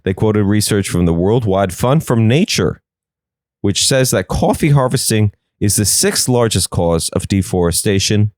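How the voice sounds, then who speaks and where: Man, young adult, comedy news host, sarcastic riffing, very animated pitch, dry close sound. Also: measured pace, dry recording. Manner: sarcastic, riffing with silly put-on voices.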